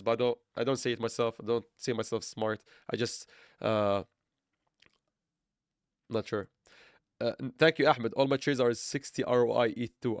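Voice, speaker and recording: A man livestreams his crypto trades in a mid-range voice, rambling and correcting himself with playful sarcasm and frequent laughter. The recording is studio quality with no echo, the talk typical of live trading stream chat.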